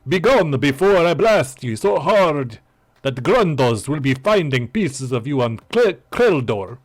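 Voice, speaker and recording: A man voicing a scheming male sorcerer villain who gloats in a slow, theatrical way. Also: a little high, big pitch swings. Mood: menacing.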